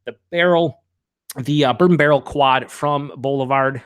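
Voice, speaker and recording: A man's voice: mid-range voice, normal speed, clean tone, no room sound, clean studio sound. A man hosting a live beer review. He talks casually and candidly, rambles with fillers, swears now and then, and reads out viewers' chat comments.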